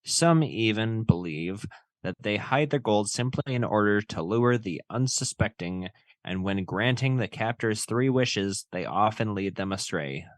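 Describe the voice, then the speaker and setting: A man's voice: fairly low pitch, expressive, unhurried, dry recording. A man co-hosting a casual podcast, joking and swearing easily as he chats and reads out stories. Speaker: podcast co-host.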